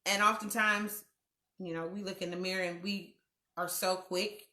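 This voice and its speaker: A middle-aged woman hosts a live online talk show, reading viewer comments in a warm, affirming, playful way and laughing often. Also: fairly low pitch, fairly even intonation, moderate pace, echoey room.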